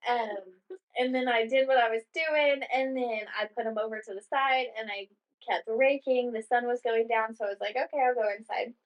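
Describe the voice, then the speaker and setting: A woman's voice: fairly high pitch, steady tone, normal speed. A woman co-hosting a casual chat podcast, telling a long story in a rambling way and filling it with "like". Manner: rambling storyteller, heavy use of "like", acts out quoted lines. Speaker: podcast co-host. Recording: dull, muffled lo-fi sound.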